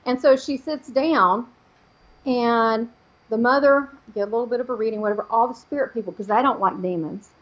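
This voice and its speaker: Woman guest, psychic storyteller; lively, acts out quotes; fairly high voice, muffled recording. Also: brisk. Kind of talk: telling a personal story in an interview.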